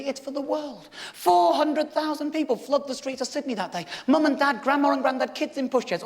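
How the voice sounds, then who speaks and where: A British man in his thirties doing live stand-up. He tells a story loudly and with lots of swearing, then drops to a quiet, confessional tone. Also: high-pitched. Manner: loud, ranting and sweary, swinging to quiet confessional. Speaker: stand-up comedian. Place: theatre stage before a live audience. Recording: reverberant hall with audience noise.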